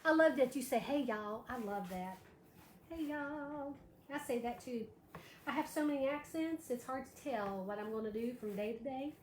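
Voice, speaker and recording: Greeting viewers by name, a chatty, gushing craft show host leads a live wreath-making tutorial in a high-pitched voice at normal speed. Her echoey room has a faint hum of background noise.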